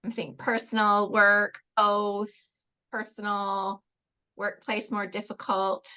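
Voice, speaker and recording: A confidence coach runs an online workshop over a video call, offering encouragement and reading out replies from the audience. Her medium-pitched voice is slow and sharp, with a completely flat delivery.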